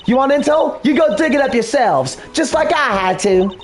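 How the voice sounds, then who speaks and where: A man's voice: very high voice, expressive, moderate pace, a little hiss or hum, pitched above the performer's own voice. A man voicing a hot-tempered young southern woman who snaps back indignantly in a put-on Southern drawl. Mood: defiant. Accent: put-on American Southern. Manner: snapping, indignant, folksy.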